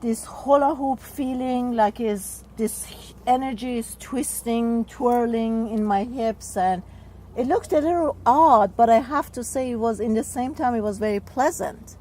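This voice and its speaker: Expressive woman. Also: on the high side, measured pace, rough recording. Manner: expressive, acts out quoted speech, frequent "like". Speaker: spiritual healer guest. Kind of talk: personal storytelling in an interview.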